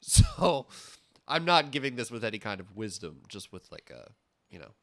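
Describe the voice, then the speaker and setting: A man's voice: medium pitch, big pitch swings, moderate pace. A young man streaming a game, chatting casually and rambling, often stopping himself mid-thought and laughing. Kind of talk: casual gameplay chat.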